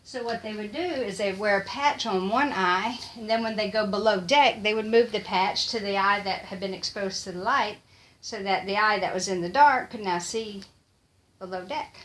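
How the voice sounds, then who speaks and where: A woman's voice: medium pitch, moderate pace, a bit bright. An older woman, chatting casually to her viewers and rambling with many fillers. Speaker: vlogger. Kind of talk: casual chat to camera.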